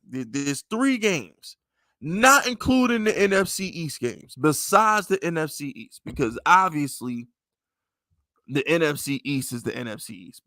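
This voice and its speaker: A man hosting a casual livestream sports chat, animated and profane, laughing often. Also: fairly high pitch, no echo. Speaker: podcast host.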